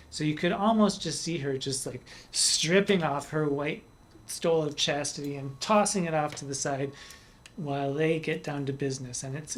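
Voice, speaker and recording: Wry, playful man hosting a poetry show. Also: a little high. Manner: wry, playful, cheeky asides. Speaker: drag performer hosting a poetry podcast. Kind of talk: literary commentary podcast.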